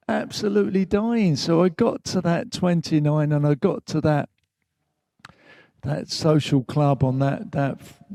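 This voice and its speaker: Man, late 50s, live recovery talk, frank, emotional, halting, higher voice. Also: a little mellow, dry recording. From England. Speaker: guest speaker. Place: live event venue.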